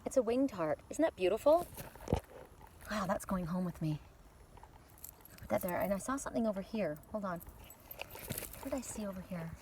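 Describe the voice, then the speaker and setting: A woman's voice: mid-range voice, lively intonation, normal speed, pauses often. A woman in her fifties doing a casual oracle card reading outdoors in a windy mountain forest, chatty and rambling with frequent repeats. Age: 50s.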